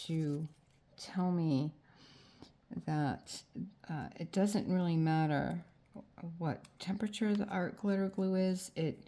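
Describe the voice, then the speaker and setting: Low gravelly woman crafting and thinking aloud. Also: warm tone. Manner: rambling and indecisive, talking herself into choices. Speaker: craft vlogger.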